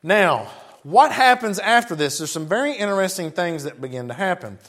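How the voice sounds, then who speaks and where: A high-pitched man preaching and reading Bible passages aloud. He stops often for chatty asides, talking to his listeners in a plain, conversational way. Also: very animated, normal speed, a bit bright. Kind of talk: sermon with scripture reading.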